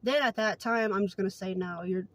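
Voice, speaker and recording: A woman's voice: medium pitch, fast talker, fairly bright tone. A woman in her late twenties telling a personal story in a casual vlog, candid and earnest, with lots of fillers. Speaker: vlogger.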